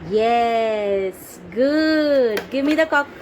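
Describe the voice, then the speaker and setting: High, slow-talking Indian mother. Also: lively intonation, a little mellow, a little hiss or hum, rough recording. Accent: Indian English. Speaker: mother teaching her toddler. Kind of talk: slow, coaxing baby talk with animal sounds.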